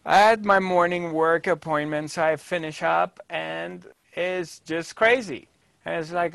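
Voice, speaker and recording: Creaky-voiced man telling a calm spiritual story. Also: on the high side, no room sound. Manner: calm, halting, with many fillers. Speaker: spiritual teacher.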